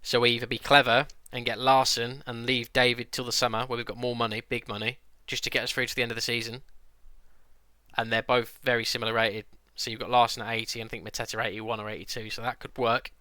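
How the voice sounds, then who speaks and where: Young guy streaming a footy manager game, bright sharp voice, chatty, rants at the game n talks to chat. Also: medium pitch, level tone, quick pace, clear, resonant tone, no room sound, studio quality. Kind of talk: casual gameplay commentary.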